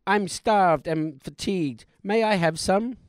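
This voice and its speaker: A man's voice: high-pitched, unhurried, clean tone, dry recording, clean studio sound, pitched above the performer's own voice. A man voicing a starving orphan boy who begs for more food, in a comic stage play. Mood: pleading. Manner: begging, whiny.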